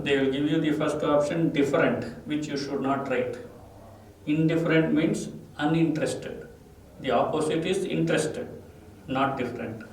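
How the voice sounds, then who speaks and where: Slow Indian English teacher, echoey room. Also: male voice, a little high, distant mic. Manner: slow, repeats each word and its meaning with stress. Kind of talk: classroom vocabulary lesson. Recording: echoey room, voice off-mic, faint ambient noise.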